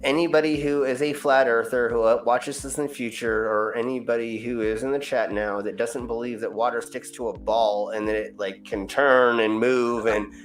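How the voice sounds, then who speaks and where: A man's voice: medium pitch, fairly even intonation, moderate pace, few pauses, faint music behind. Rambling man hosting a stream. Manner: rambling, loose, swears casually. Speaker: host. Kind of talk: casual stream chat.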